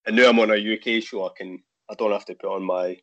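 A very deep-voiced Scottish man talks in a relaxed, rambling way, often restarting his sentences. The audio is a little dull and muffled. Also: quick pace. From Scotland. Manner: rambling, frequent restarts, laid-back. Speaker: guest, figure customizer. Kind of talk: casual podcast chat.

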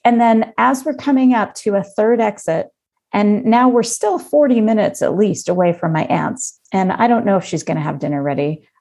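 A woman in her fifties telling a personal story in casual conversation, lively and acting out her own past thoughts. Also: mid-range voice, moderate pace. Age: 50s.

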